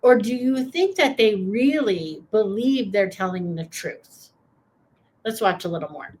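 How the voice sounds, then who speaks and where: A woman's voice: mid-range voice, lively intonation, measured pace, a little mellow. A woman hosting a reaction video, giving sarcastic, opinionated political commentary and talking straight to her viewers.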